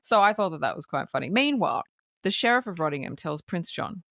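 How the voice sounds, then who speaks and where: A woman's voice: fairly low pitch, big pitch swings, fast talker, vocal fry, a bit bright, no echo. A woman co-hosting a podcast, casually retelling film scenes with bursts of laughter and swearing. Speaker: podcast co-host. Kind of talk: casual film review chat.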